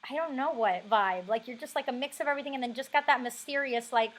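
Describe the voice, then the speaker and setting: A woman's voice: high-pitched, quick pace. A woman hosting a casual interview, bubbly and chatty. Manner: bubbly, chatty, lots of fillers. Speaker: interviewer, host.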